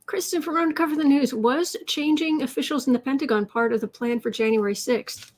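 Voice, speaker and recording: A woman's voice: sits high, fairly quick. A woman hosting a casual livestream, chatting and reading out viewer questions for tarot readings. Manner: chatty, reads out questions, talks to her cat in a soft baby voice.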